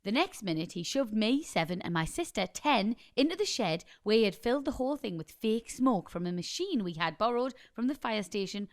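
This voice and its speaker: A woman's voice: medium pitch, very animated, fairly quick, hardly any pauses. A woman co-hosting a podcast in casual chat, telling stories and reading listener messages aloud. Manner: chatty storytelling, reads listener messages aloud. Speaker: podcast co-host.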